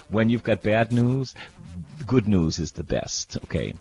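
A man's voice: on the low side, lively intonation, a little slow, mellow. A middle-aged man, a priest, preaching a sermon with dramatic scripture readings and call-and-response. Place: airport.

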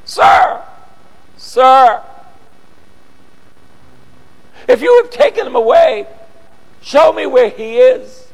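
Preacher guy doing a desperate weeping woman, high pleading cries, slow, big echo. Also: wildly swooping pitch, gravelly, breathy edge, exaggerated voice. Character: desperate grieving woman, Mary Magdalene. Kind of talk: sermon. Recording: long echoey hall.

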